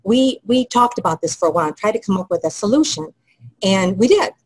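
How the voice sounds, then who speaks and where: A woman on a webinar panel explaining business etiquette in a measured, instructive way. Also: medium pitch, lively intonation, husky, no echo, rough recording. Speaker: protocol expert panelist.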